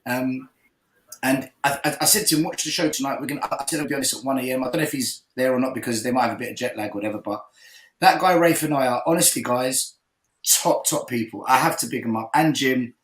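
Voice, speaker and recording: A man hosting a fan call-in show, telling a lively, swearing story in casual chat. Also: mid-range voice, fast talker, roomy sound, rough recording.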